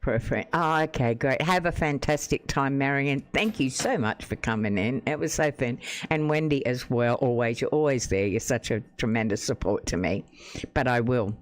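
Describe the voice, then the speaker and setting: A man's voice: mid-range voice, moderate pace. A man chatting casually with his live-stream viewers from home into a desk microphone, rambling, restarting sentences and laughing often. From Australia. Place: home room.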